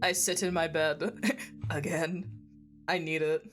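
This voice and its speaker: A woman's voice: deep voice, fairly even intonation, takes it slowly. A woman streamer chatting casually while playing a game, giggling often and swearing freely, her throat phlegmy and congested. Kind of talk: casual chat while gaming. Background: game music.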